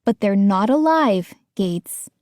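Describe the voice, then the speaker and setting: A woman doing a calm, reasoning scientist mom. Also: medium pitch, takes it slowly, no echo, studio quality. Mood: reassuring. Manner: patient, explaining.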